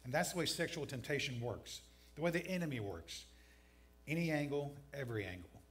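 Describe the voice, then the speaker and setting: A man's voice: mid-range voice, expressive, brisk. A man pastor giving a conversational sermon in a church, mixing scripture with dry jokes. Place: church sanctuary.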